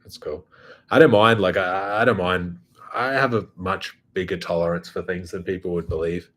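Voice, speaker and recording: A man's voice: sits low, fairly even intonation, normal speed, fairly bright tone. A man hosting his own show, talking in a blunt, profane, casual monologue. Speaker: host.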